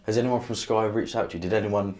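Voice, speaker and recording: A man hosting a podcast, asking quick follow-up questions in a casual interview. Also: lowish voice, fairly even intonation, darkish tone.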